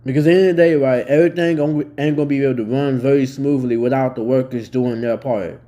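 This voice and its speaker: A young man talks straight to camera in a casual commentary, blunt and swearing freely as he gets worked up. His voice sits in a middle pitch with a dark, mellow tone. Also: fairly even intonation, fast, dull audio. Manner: blunt, heavily profane, worked up. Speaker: vlogger reacting to a news story.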